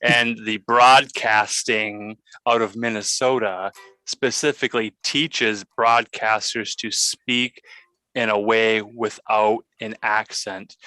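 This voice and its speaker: A man with a Midwestern American accent chatting casually, speaking slowly and deliberately with careful enunciation. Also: lowish voice, pushed and bright, no room sound. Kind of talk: casual chat.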